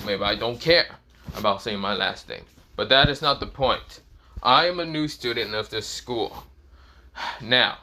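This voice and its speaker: Menacing teenage boy soldier, voiced by a man, cold, flat threats, bright tone. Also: medium pitch.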